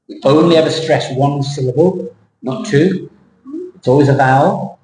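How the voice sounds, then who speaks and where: A man's voice: medium pitch, animated, a little mellow. Brief: male coach, patient drills, roomy echo, faint hiss. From England. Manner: repeats words slowly for drilling. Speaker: accent teacher. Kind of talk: pronunciation lesson. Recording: echoey room, faint noise.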